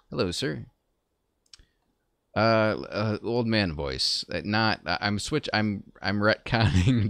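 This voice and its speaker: A man's voice: deep voice, fairly bright tone, no echo. A man streaming a game and chatting casually at his PC, rambling and correcting himself as he plays. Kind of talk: casual gameplay commentary.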